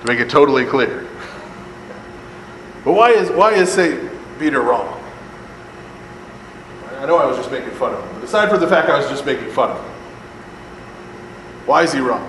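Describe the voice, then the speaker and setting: A man teaches Bible study to a live group in a casual, joking way, acting out voices and checking in with "right?" after nearly every point. His voice is mid-pitched and lingers with a long reverb, as if he stands in a large hall. A low air-conditioning hum runs faintly underneath. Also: expressive, moderate pace, creaky, long pauses, a bit bright. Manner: conversational, keeps asking "right?", jokes and acts out voices.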